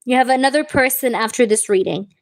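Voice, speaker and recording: A woman reading tarot live for her viewers. Her voice sits a little high. She talks in a chatty, reassuring way and keeps checking in with "okay?" and pet names. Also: brisk. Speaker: tarot reader.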